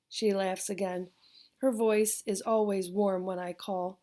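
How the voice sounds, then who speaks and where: A woman reading a first-person audiobook narration in an even, unhurried way. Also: mid-range voice.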